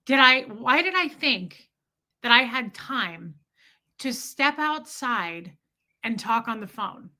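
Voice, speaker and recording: A woman's voice: a little high, bright, forceful tone. A woman hosting a podcast, telling a personal story in a rambling, candid, emotional way and swearing freely. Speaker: podcast host.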